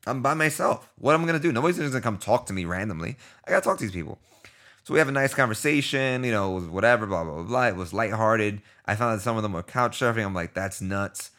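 A man in his thirties from New York City tells a story on his podcast in a casual way. His voice sits fairly low, and he acts out the dialogue in quick back-and-forth. Now and then he drops into low, muttered asides. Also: lively intonation, fairly bright tone. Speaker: podcast host.

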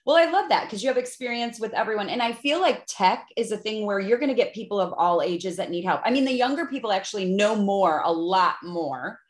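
A woman's voice: mid-range voice, animated, fairly quick, hardly any pauses, echoey room. A woman in her fifties with a Chicago accent, hosting a casual interview with enthusiasm and frequent laughter. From Chicago area. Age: 50s. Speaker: podcast host.

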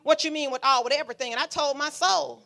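A woman pastor preaching a sermon, talking to the congregation in a fiery, conversational way that swings from hushed asides to shouting. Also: high voice, quick pace, gravelly. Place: church sanctuary.

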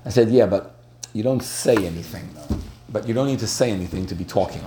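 A man with a lowish voice gives a storytelling talk to an audience. He speaks in a loose, conversational way, often stumbling and restarting. He laughs between points, and a faint hiss sits under the recording. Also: fairly quick. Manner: chatty, with frequent restarts and laughter.

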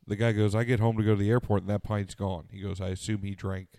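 A man's voice: on the low side, flat delivery, quick pace, mellow, no room sound. A man co-hosting a casual podcast, telling a long story with lots of swearing and fillers, tired and sniffly. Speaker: podcast co-host.

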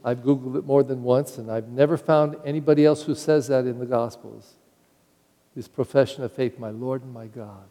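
A man preaching a sermon as pastor, retelling scripture in a lively way with acted-out quotes that swing from loud to hushed. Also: medium pitch, normal speed. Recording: church with long reverb.

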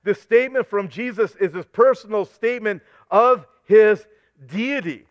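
High-voiced preacher man, fervent. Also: a bit bright, dry recording, muffled recording. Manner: fervent preaching, quoting scripture. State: losing his voice. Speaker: pastor. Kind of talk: sermon.

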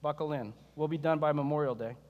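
A man preaching a sermon as pastor, conversational and animated, mixing scripture reading with sarcasm and humor. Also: a little high, quick pace, in a large hall, muffled recording.

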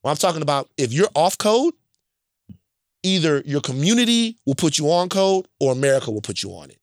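A man's voice: on the high side, big pitch swings, brisk, no echo, studio quality. A man from Louisiana telling stories in a casual chat, blunt and emphatic, often checking in with "right?". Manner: profane and blunt.

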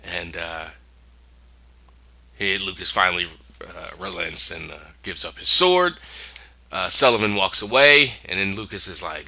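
A man with a fairly low, very bright voice walks through a TV episode in casual talk. His pitch moves a lot as he slips in and out of character voices. The recording is dull and lo-fi. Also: lively intonation, unhurried, vocal fry, pauses often. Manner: acts out characters' lines in voices. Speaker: podcast host recapping a TV episode. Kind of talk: casual recap storytelling.

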